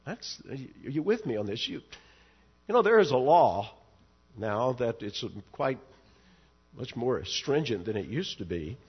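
A man's voice: mid-range voice, very animated, a little slow, slightly rough, highs cut off. A male pastor preaching an expository sermon, earnest and emphatic, pushing up on key words to stress them.

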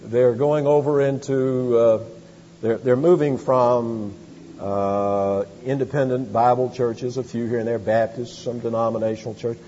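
A man preaching a sermon as pastor, with animated emphasis and quick asides. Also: medium pitch, slight background noise. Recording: dull, lo-fi sound with long hall reverb.

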